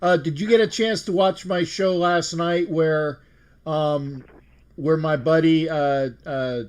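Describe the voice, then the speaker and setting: A man's voice: fairly high pitch, steady tone, slow, smooth. A man hosting a fan call-in livestream, emotional and exuberant, often repeating himself. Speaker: show host.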